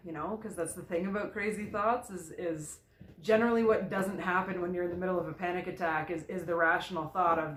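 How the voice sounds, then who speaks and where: A vlogger telling a personal story candidly, in a halting way with frequent restarts. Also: mid-range voice, fairly bright tone, slight background noise. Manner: halting, with many restarts and "you know". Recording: echoey room.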